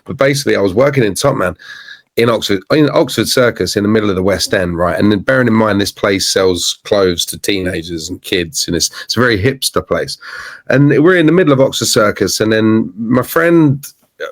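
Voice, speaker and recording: Low-voiced man telling stories, dry sound. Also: moderate pace, no echo. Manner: rambling, storytelling with many restarts. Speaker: guest filmmaker and guitarist. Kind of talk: casual podcast chat.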